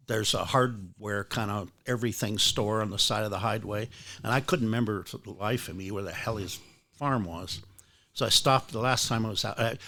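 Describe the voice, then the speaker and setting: A man's voice: lowish voice, a bit bright. An older man chatting casually at a book club, telling rambling anecdotes with frequent restarts and casual swearing. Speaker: rare bookseller and book club guest. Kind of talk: casual storytelling chat.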